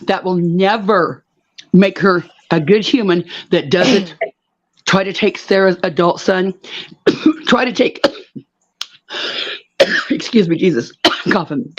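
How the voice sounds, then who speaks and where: A woman's voice: on the low side, slow, pauses often, highs cut off. A woman ranting bluntly on a live online panel, cursing and repeating herself for emphasis. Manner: blunt, profane, repetitive. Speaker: panel guest. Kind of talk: heated live panel rant.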